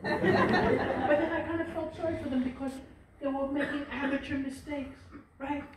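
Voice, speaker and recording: A man in his forties performing a stand-up comedy set, animated and shouting punchlines loudly. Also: extremely high pitch, moderate pace, a little hiss or hum. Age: 40s. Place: live comedy venue with audience. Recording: echoey live room, distant mic, loud crowd laughter.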